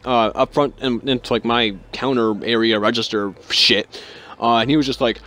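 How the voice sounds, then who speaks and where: A man's voice: steady tone, moderate pace, sharp tone. Foul-mouthed young man telling work stories. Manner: swears constantly, rambling and sarcastic; acts out quoted people with jumps in pitch. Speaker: vlogger. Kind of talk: casual storytelling vlog.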